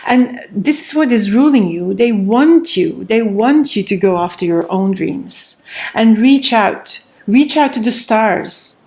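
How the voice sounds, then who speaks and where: A woman's voice: mid-range voice, expressive, a little slow, a little mellow. A woman giving a tarot card reading, offering earnest, repetitive advice straight to her viewers. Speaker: tarot reader.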